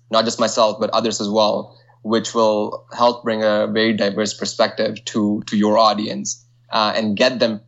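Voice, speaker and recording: A man's voice: fairly low pitch, a bit bright. Hesitant man on a dull line. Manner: measured, hesitant, with many fillers. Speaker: guest, management consultant. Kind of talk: casual interview.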